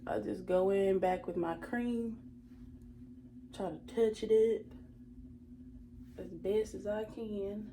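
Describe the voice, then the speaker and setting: A woman's voice: medium pitch, steady tone, takes it slowly, long pauses, background noise. A young woman, chatting to viewers while doing her makeup. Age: 20s. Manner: chatty, talks straight to viewers as "y'all". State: emotional, close to tears. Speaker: beauty vlogger. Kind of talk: casual makeup tutorial chat.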